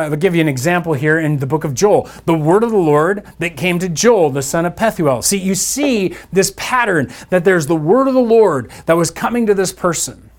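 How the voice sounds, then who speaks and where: A man preaching a sermon as pastor, in a conversational style with playful asides to his listeners. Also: high-pitched. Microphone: church podcast mic.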